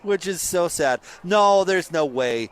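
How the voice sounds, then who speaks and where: A man hosting a sports radio show, giving blunt, sarcastic opinions in an animated rant. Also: sits high, slow, clean tone.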